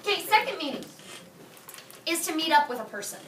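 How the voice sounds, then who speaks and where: Energetic woman teacher, high and bright, playful classroom drill, echoey room, mic far off. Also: brisk, noisy background. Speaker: high school Spanish teacher.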